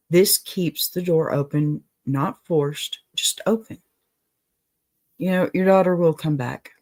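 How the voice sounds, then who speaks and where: A woman's voice: low-pitched, measured pace. A woman hosting an advice show, talking casually and reassuringly to a viewer. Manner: gentle, reassuring, apologetic asides. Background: dog in the room.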